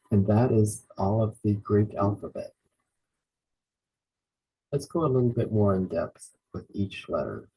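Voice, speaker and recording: Male teacher, mellow and husky, patient step-by-step lesson delivery. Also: lowish voice, rough recording. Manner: patient, repeats and sounds out each letter. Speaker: Bible study teacher. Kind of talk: slow spelled-out lesson.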